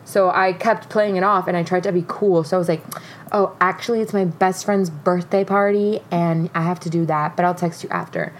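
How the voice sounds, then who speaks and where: A young woman co-hosting a casual podcast, telling a story in an animated way, with frequent swearing and laughter. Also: lowish voice, normal speed, slight background noise. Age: young adult. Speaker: podcast co-host.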